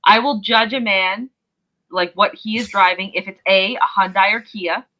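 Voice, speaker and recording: A woman's voice: medium pitch, fairly even intonation, moderate pace, sharp tone. A married woman in a casual podcast chat, firmly opinionated and laying out her rules. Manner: opinionated, lays down firm stipulations. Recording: muffled lo-fi mic.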